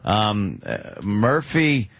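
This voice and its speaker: A man's voice: fairly low pitch, huge pitch swings, very slow, vocal fry, a bit bright, dry recording. A man co-hosting a radio show in casual studio banter, sarcastic and profane, ranting in bursts. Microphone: studio microphone.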